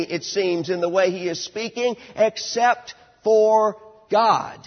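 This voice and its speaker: A man in his thirties preaching a sermon, emphatic and slowing down on key words, dropping to a quieter storytelling tone for anecdotes. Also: high voice. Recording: dull lo-fi sound with long hall reverb.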